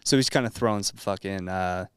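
Guy reading out history notes on a podcast, low clear voice, dry sound. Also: brisk, no room sound. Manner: reads narration aloud, then cracks dry asides. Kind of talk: reading notes in casual chat.

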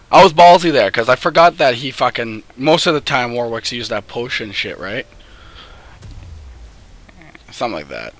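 A young man streams a game from home and talks through every move. His voice is bright and lively and bounces up and down as he heckles the teammates on screen. The commentary is loose and full of swearing. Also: medium pitch. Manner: excitable, swearing, laughing, talking to teammates on screen. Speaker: gamer streaming gameplay. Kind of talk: casual gameplay commentary. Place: home, early morning, no camera.

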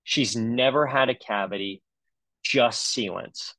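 A man's voice: medium pitch, takes it slowly, sharp tone, dry recording, low-quality recording. A middle-aged man, a dentist, giving a comedic webinar talk in a sarcastic, joking way with loose fillers.

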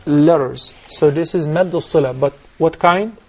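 A man teaching recitation rules on a TV lesson, explaining step by step and chanting verses slowly. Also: fairly high pitch, gravelly, husky. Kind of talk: televised recitation lesson with live callers.

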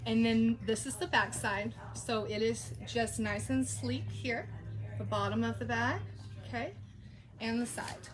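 A woman from the Arkansas Ozarks with a regional accent, hosting a live shopping stream. Her voice sits a little high, and she talks in a chatty, friendly way, pointing out details of each bag. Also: a little slow. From Boston Mountains of the Ozarks, Arkansas. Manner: chatty, laughs often while showing products. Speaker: live-stream shop host.

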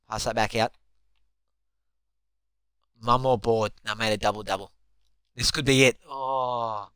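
A young man giving live commentary on his own basketball video game, excitable and swearing constantly as he yells at teammates. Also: medium pitch, smooth, dry recording. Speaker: gamer.

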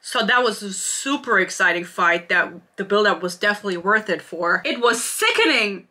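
A woman's voice: mid-range voice, expressive, normal speed, few pauses, pushed and bright. A young woman in her twenties reviewing a book in a casual, sarcastic rant, swearing freely. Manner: sarcastic, swears freely, mimics characters in quotes.

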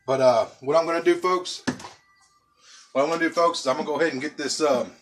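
Soft music plays behind a man whose voice sits on the high side as he talks quickly through his casual outdoor barbecue vlog. Coughing from the pepper rub, he stays chatty and folksy beside the smoker, calling his audience folks and y'all.

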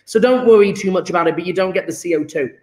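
A man's voice: sits high, fast talker, a little mellow, roomy sound. A man teaching a chemistry lesson online, encouraging and upbeat, cracking jokes with his students.

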